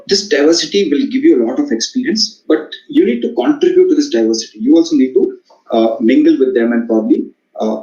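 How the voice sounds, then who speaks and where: A man with an Indian English accent, a communication trainer lecturing students in a halting way, with many fillers and repeated words. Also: mid-range voice, a little mellow. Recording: echoey, dull-sounding room recording.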